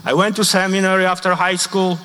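A middle-aged man from Poland with a Polish accent, preaching a sermon with personal testimony in emphatic, non-native English and slowly repeating the lines he quotes. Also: sits high, level tone, sharp tone, smooth. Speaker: priest. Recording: long reverb of a large hall.

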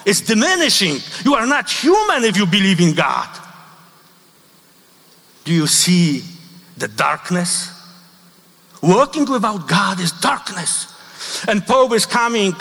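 Polish priest preaching, high bright voice, slow, lots of hall echo. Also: male voice, big pitch swings, creaky. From Poland. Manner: emphatic, repeats quoted lines slowly, non-native grammar. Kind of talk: sermon with personal testimony. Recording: long reverb of a large hall.

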